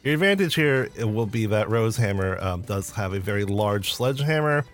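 A man's voice: on the low side, lively intonation, fairly quick. Man narrating as game master, casual, loose, faint background music. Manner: casual, with fillers and restarts.

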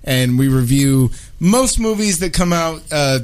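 A man's voice: a little high, lively intonation, a little slow, clear, resonant tone. A man chatting as a radio guest, telling stories animatedly and laughing often. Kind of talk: casual chat.

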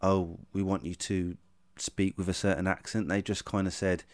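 A man hosting a casual chat, asking questions in a halting way with many restarts. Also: low-pitched, level tone. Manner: halting, lots of ums and restarts. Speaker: actor, podcast host asking questions.

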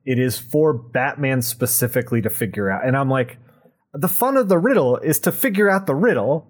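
A young man recapping a comic book on a podcast, animated and sarcastic, laughing often. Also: mid-range voice, a little fast. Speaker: podcast co-host.

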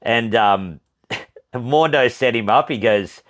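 A man's voice: on the low side, expressive, measured pace, fairly bright tone. A young Australian man co-hosting a podcast, telling a long rambling story in casual chat, swearing freely and laughing often. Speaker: podcast co-host.

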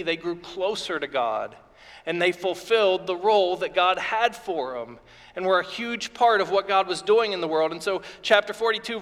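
A man's voice: sits high, a bit bright. A man preaching a sermon as pastor, earnest and repetitive in his phrasing. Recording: long reverb of a hall.

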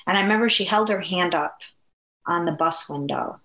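A woman from the Upper Midwest of the US, telling an emotional personal story as an interview guest, earnest, with halting restarts. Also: on the low side, a bit bright, roomy sound, poor audio.

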